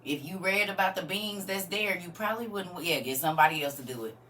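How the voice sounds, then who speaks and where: A woman's voice: lowish voice, fast talker, a bit bright, slight background noise. A woman hosting a casual livestream, chatting with viewers and often laughing as she answers their comments. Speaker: livestream host.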